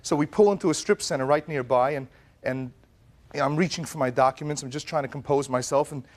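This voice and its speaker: A man testifying as plaintiff in a television courtroom. He tells his story dramatically, acting out the lines of the people involved. His voice sits a little high for a man. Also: brisk, darkish tone. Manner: dramatic, acts out quoted dialogue. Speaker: plaintiff in small claims court.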